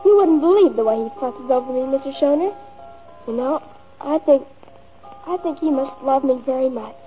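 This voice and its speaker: A woman's voice: sits high, expressive, moderate pace. A precocious, lonely teenage girl. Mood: wistful. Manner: dreamy and precocious, pert when cornered. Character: lonely, imaginative fifteen-year-old rich girl. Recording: tinny lo-fi old film soundtrack, faint music.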